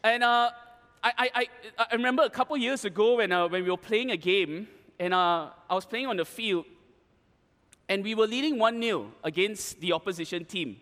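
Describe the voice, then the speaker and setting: A man preaching to an audience, telling an animated, dramatic story with playful asides. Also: high voice, normal speed, big-room sound. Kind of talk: storytelling sermon.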